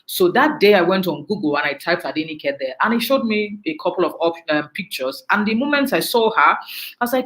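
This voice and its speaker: A woman's voice: lowish voice, lively intonation, fairly quick, fairly bright tone, low-quality recording. A woman hosting a live online interview, chatty and playful, laughing often between asides. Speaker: host.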